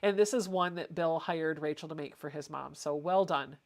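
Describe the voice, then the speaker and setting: A woman's voice: low voice, moderate pace, a little mellow. Chatty woman hosting a sewing livestream. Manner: chatty, reads viewer comments aloud. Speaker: livestream host. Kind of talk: casual livestream chat.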